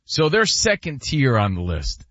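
A man's voice: mid-range voice, huge pitch swings, measured pace, fairly bright tone, no echo, highs cut off. A man hosting a casual sports talk show, steering the segment and reading listener comments. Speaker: sports radio host.

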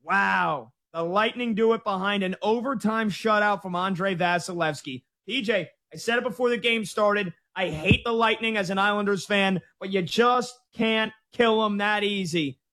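Excitable high-voiced male sports host. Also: moderate pace, hardly any pauses. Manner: excited, rambling updates on scores. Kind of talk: live sports talk show.

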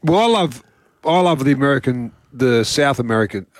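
Lively radio co-host. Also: male voice, medium pitch, a little fast, no echo. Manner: enthusiastic, playful. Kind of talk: casual radio chat. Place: radio studio.

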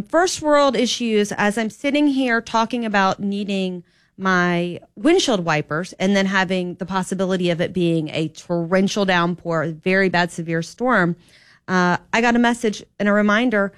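A woman filling in as a talk radio host, chatting in an opinionated, animated monologue that climbs to emphatic indignation. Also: fairly low pitch, moderate pace, dry recording, studio quality. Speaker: fill-in radio show host.

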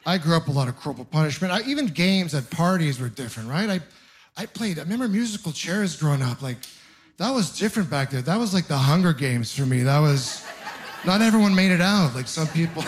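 A man's voice: fairly high pitch, lively intonation, brisk. A man in his thirties doing a conversational, self-deprecating stand-up routine with rambling asides. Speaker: stand-up comedian. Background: audience laughter.

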